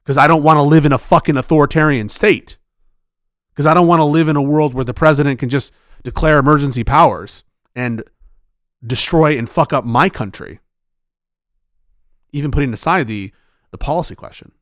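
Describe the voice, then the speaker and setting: A man's voice: a little high, normal speed, pauses often, no echo, studio quality. A tired man in casual political chat, rambling and swearing, often restarting his sentences.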